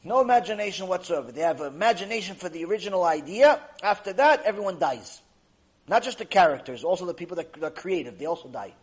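Recorded roughly, a man lectures on Torah as a rabbi in a fast, high-pitched voice. He acts out the figures in his stories with lots of animation, circling back to repeat himself often.

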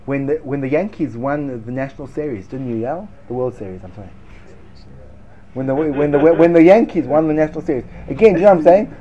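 A man giving a lively Torah class to students, sarcastic and quick to laugh at his own points. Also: on the high side, muffled recording. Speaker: Torah teacher.

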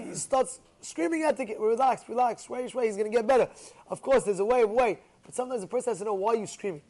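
A man teaching a Torah class, talking in an animated way, repeating phrases for emphasis and acting out the people in his examples, with Hebrew and Yiddish words mixed in. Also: sits high.

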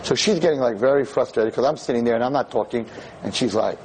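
A male rabbi giving a storytelling lecture, animated and acting out the voices in his tale. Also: mid-range voice, quick pace, a little hiss or hum.

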